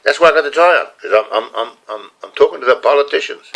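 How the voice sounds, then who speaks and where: A man's voice: on the high side, fast talker, gravelly, a bit bright, poor audio. A middle-aged man with a New Zealand accent, reading a letter aloud on his vlog and breaking off into ranting asides. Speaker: vlogger and motivational speaker. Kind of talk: comic vlog monologue.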